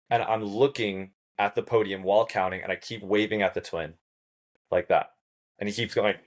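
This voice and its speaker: Appearing on a podcast, a game show contestant with a lowish voice recounts a story with casual animation. He curses liberally and mimics others' words as he goes.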